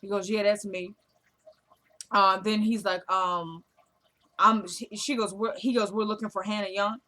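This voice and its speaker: A woman's voice: medium pitch, steady tone, a little slow, pushed and bright. Chatty woman acting out a TV recap. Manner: retells scenes by acting out the characters' lines. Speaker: TV recap vlogger. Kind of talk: casual episode recap.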